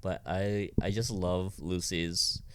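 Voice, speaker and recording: Laid-back low-voiced podcast guy. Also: level tone, slow pace, a bit bright, clear, resonant tone. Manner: laughs often, loose and rambling with many fillers. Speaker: podcast co-host. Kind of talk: casual chat.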